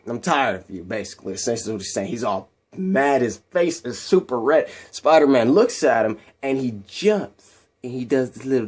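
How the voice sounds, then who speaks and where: A man hosting his channel, excitedly retelling an action story in long, rambling run-on sentences. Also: medium pitch. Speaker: channel host. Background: music.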